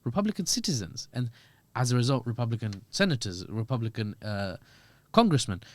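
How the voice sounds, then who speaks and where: A man talks through politics as a podcast guest at a middling pitch. He is animated and joking, and he slips into acted-out voices. His voice sounds dry and close with no room echo. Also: a little fast. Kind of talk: conversational political commentary.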